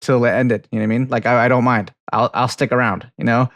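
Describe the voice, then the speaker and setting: A man's voice: medium pitch, steady tone, quick pace, no room sound, highs cut off. A young man co-hosting a casual film podcast, rambling through a story, laughing often, swearing freely and restarting his sentences. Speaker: podcast co-host. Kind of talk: casual chat, film review and anecdote.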